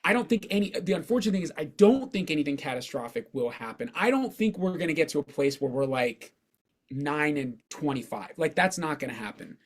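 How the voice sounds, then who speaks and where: A man with a hoarse voice, co-hosting a podcast and giving his opinions on baseball in casual chat, rambling and restarting his sentences. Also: on the high side, animated, a little fast. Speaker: podcast co-host.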